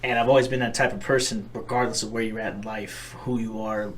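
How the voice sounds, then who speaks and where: A man's voice: lowish voice, steady tone, a little fast, fairly bright tone. A young man co-hosting a podcast, talking in a rambling, profane, earnest way in casual chat. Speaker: podcast co-host.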